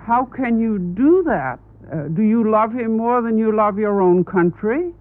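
Woman panelist, high voice, slow and pointed questions, tinny old broadcast sound. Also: animated, no room sound. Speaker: panel journalist. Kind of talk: televised panel interview. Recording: tinny archival broadcast audio.

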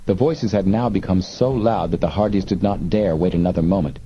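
A man narrating an audiobook in a measured, steady manner. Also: low-pitched, highs cut off, slight background noise. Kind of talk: scripted narration.

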